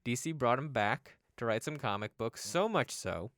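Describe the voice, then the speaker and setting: Podcast host guy, smooth clear voice, dry close mic, jokey and teasing. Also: mid-range voice, animated, normal speed, a bit bright, dry recording. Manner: joking, teasing. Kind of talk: casual podcast chat.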